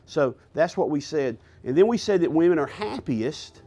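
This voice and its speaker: A man teaching a Bible lesson in a sermon style, pausing with fillers and checking in with his listeners. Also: fairly high pitch, animated, dark tone. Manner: deliberate, with filler pauses and rhetorical "okay?". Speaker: pastor teaching a class.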